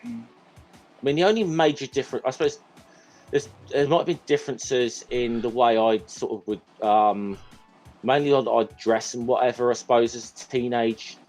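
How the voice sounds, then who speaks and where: A man's voice: medium pitch, normal speed, a little mellow, faint music behind. A man in casual group chat on a call, rambling and hesitant, swearing now and then. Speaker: podcast guest.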